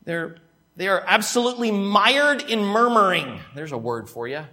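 A man preaching to his church in a fairly high voice. He is emphatic, repeats himself, and swings between loud, stressed lines and quiet asides. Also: lively intonation, moderate pace. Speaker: pastor. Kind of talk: sermon.

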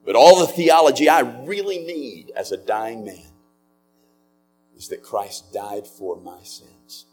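A man preaching a sermon as a pastor, earnest and slowing down on key words. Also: medium pitch, expressive, a little mellow, soft background music.

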